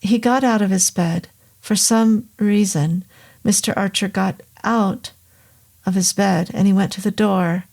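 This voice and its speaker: A woman voicing a hesitant, apologetic male doctor who rambles, in a slow audiobook reading. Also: sits high, fairly even intonation, gravelly, a little mellow. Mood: uneasy. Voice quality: hesitant, halting. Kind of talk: audiobook character voice.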